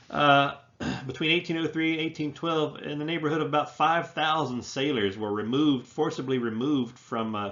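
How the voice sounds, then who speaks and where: A man teaching a history lecture, talking in halting phrases full of fillers and restarts. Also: on the low side, a bit bright, lo-fi sound. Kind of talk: classroom lecture.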